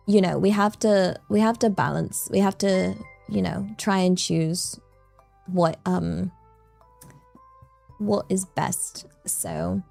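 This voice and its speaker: A woman's voice: mid-range voice, vocal fry, a little mellow. A woman streamer chatting casually with her viewers, rambling along with lots of fillers and repeated yeahs. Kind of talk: casual live-stream chat.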